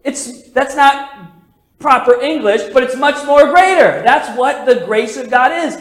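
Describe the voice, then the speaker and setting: A man's voice: very high voice, unhurried. A man preaching a sermon in a church service, emphatic and asking his congregation questions. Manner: emphatic, questioning the congregation with rising repeated phrases. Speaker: pastor.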